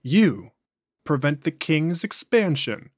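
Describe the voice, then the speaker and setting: A man voicing an ancient entity speaking through a possessed man's body, slow, measured and contemptuous. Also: fairly high pitch, very animated, dry recording, studio quality, voice pushed up, exaggerated voice. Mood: cold contempt.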